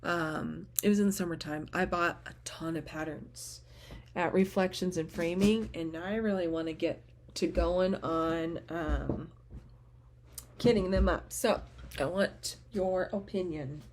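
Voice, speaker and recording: Chatty, low-voiced woman gushing softly. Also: measured pace, a little hiss or hum. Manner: chatty and gushing, often trailing off into murmurs. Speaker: teacher and cross-stitch vlogger. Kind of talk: casual chat to camera. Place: at home.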